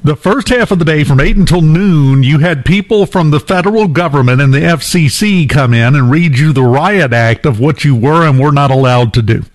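A man's voice: fairly high pitch, moderate pace, few pauses. A man hosting a morning talk show, telling a long personal anecdote in a casual, chatty way with many fillers and restarts. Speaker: radio show host.

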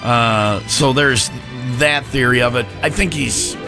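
A man's voice: mid-range voice, takes it slowly, gravelly, over music. A middle-aged man hosting a morning radio show in casual chat, jokey and rambling as he riffs on the news. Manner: jokey, rambling, self-mocking.

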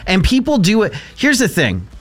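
A man's voice: high voice, normal speed. A man co-hosting a radio show, chatting casually and working himself up into exasperated rants. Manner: animated, rising to exasperated rants. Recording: radio studio with faint music bed.

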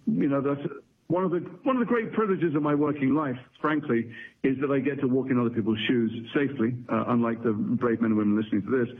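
A man's voice: medium pitch, fast, breathy edge. A middle-aged man from England, an actor guest in a casual interview, talking in a thoughtful, articulate, wry way with restarts. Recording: tinny phone-like line.

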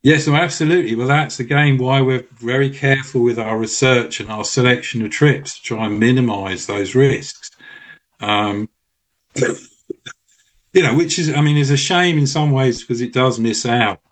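A man at an ordinary pitch for a man, appearing as a guest on a radio show. He explains things carefully and in measured terms, sometimes halting and restarting as he goes. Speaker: studio guest. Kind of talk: radio interview.

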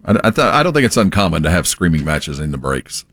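Radio co-host, man from San Antonio, deep, lively storyteller, dry sound. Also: fast, dry recording. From San Antonio, Texas. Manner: dry wisecracks and anecdotes. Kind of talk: casual radio banter and storytelling.

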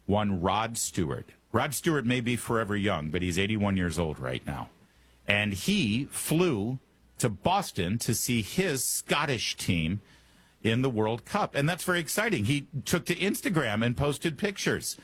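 A man's voice: medium pitch, a bit bright, breathy edge, no echo. A man hosting a talk radio show, delivering a joking monologue full of wry asides and puns. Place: Washington, D.C. studio.

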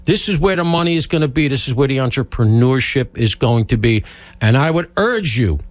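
A man hosting talk radio, firing off blunt, sarcastic opinions at a quick clip. His voice is close and dry, with no room around it. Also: mid-range voice, animated, no echo. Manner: blunt, sarcastic, riffs emphatically. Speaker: radio talk show host.

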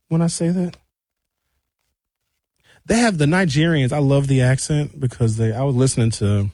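A man from Milwaukee, hosting a comedy radio show. He rambles and jumps animatedly between high and low pitch. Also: mellow, no echo, studio quality. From Milwaukee, USA. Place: radio studio.

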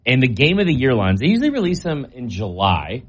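A man's voice: mid-range voice, huge pitch swings, fast talker, background noise. A man co-hosting a morning sports show, talking through betting lines in an easygoing, upbeat way. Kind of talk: casual morning show chat.

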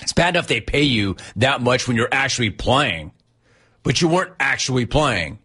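A man's voice: medium pitch, big pitch swings, normal speed, pushed and bright, breathy edge. A man hosting a sports radio show, ranting sarcastically and incredulously at a player. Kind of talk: ranting sports talk monologue.

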